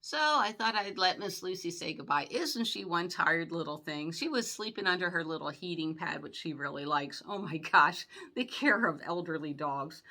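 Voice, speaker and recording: Vlog host, woman, sixties: folksy rambling chat, lowish pitch with a bright edge. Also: lively intonation, normal speed. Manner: rambling, folksy, many filler words. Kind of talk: casual chat to viewers.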